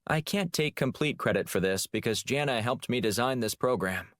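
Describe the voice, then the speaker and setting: Precise young woman analyst, crisp and eager, voiced by a male reader. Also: medium pitch, animated, normal speed, a bit bright, dry recording, clean studio sound, voice pushed up, natural voice. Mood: briefing.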